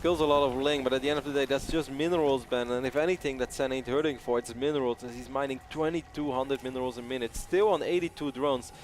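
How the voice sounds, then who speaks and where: A man's voice: medium pitch, steady tone, fast, few pauses. A man casting a live esports match, upbeat and jokey, laughing often between play-by-play calls. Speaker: esports caster. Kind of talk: play-by-play game commentary.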